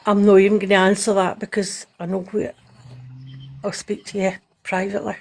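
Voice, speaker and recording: Woman, encouraging guest, monotone delivery. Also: medium pitch, a little fast, vocal fry. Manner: earnest, encouraging. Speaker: guest on a livestream. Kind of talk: casual chat.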